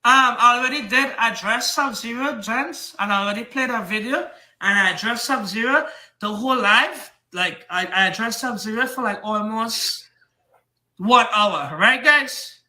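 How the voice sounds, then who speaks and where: Bright heated Trinidadian man ranting. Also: very high voice, moderate pace, roomy sound. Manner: rambling, repetitive, heated. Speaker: comic book seller and streamer. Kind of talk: defensive livestream rant.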